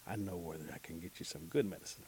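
A man doing a hushed, confiding male mole. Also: low-pitched, quick pace, slight background noise, lightly acted. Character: quiet, clever male mole healer.

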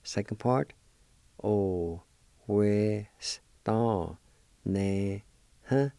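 A man hosting a weekly language lesson, spelling and pronouncing words slowly and repeating each syllable with care. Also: lowish voice, gravelly, mellow, clear, resonant tone, no room sound. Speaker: language teacher and program host.

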